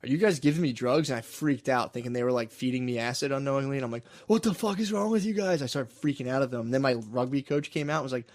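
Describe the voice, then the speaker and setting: A man's voice: mid-range voice, quick pace, few pauses, a little mellow. Rambling profane young man telling stories. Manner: rambling, profane, laughing storyteller. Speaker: podcast co-host. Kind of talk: casual storytelling chat.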